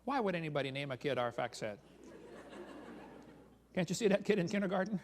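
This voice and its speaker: A man's voice: a little high, lively intonation, brisk, pauses often, big-room sound, noisy background. A man giving a humorous seminar talk as a creationist speaker, sarcastic and chuckling at his own jokes.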